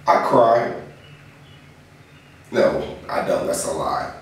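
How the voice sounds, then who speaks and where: A young man in a dramatic spoken-word confession, earnest and moving between hushed and impassioned lines. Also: sits low, slow. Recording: very echoey room, far from the mic, faint hiss.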